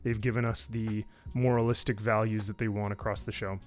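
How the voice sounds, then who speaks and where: A man in a casual live-stream review, talking in a sarcastic, animated way with many fillers. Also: brisk. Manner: animated, sarcastic, many fillers, mimics people with high voices. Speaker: YouTube reviewer.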